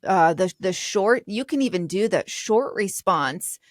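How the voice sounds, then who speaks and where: A woman's voice: medium pitch, animated, measured pace, no room sound, studio quality. A middle-aged woman co-hosting a podcast, talking in a straightforward, chatty way. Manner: straightforward, laughs often. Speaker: podcast co-host. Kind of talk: casual chat.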